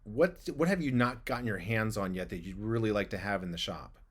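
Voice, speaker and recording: A man's voice: on the low side, fairly quick, husky. A man hosting a podcast, asking short questions and reacting to his guest. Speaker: podcast host. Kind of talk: casual chat.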